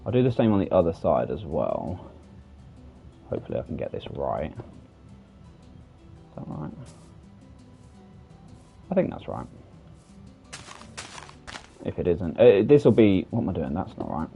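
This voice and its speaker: A man's voice: sits low, very animated, moderate pace, vocal fry, pauses often, dull audio, soft background music. A British man streaming a building game, chatting casually with a self-deprecating, rambling manner and lots of fillers, recorded on a desk microphone. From United Kingdom. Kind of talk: casual gameplay commentary.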